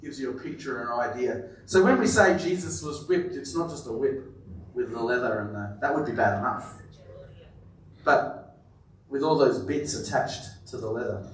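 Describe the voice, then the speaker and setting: A man preaching a sermon, emphatic and repeating his words, often dropping to a quiet, stressed delivery. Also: mid-range voice. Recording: very echoey room, voice from a distance.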